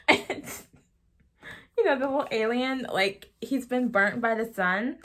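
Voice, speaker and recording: A young woman chatting excitedly about books she loves for her vlog audience. Her voice is bright and a touch high. She gushes, giggles and fills every sentence with "like" and "oh my gosh". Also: takes it slowly, pauses often. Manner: gushing, giggly, heavy use of "like". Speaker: book vlogger. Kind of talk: casual book review vlog.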